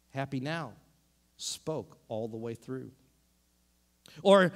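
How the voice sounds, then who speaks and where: Animated male pastor in a reverberant church. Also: mid-range voice, takes it slowly, pauses often. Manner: animated, with frequent restarts. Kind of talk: sermon. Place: church sanctuary.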